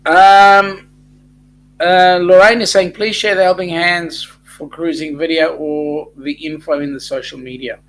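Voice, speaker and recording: A man's voice: on the high side, flat delivery, unhurried, fairly bright tone, poor audio. A man hosting a casual live chat, reading out viewer comments with many ums and restarts. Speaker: host of a live chat show.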